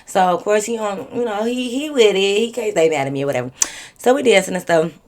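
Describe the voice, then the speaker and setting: A woman in her twenties telling a candid, profane story to her viewers in a casual, animated way. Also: mid-range voice, fast. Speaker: vlogger.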